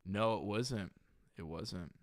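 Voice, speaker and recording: A man's voice: fairly low pitch, slow pace, no room sound, studio quality. A young man hosting a livestream in casual chat, rambling, trailing off and correcting himself as he remembers. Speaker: livestream host.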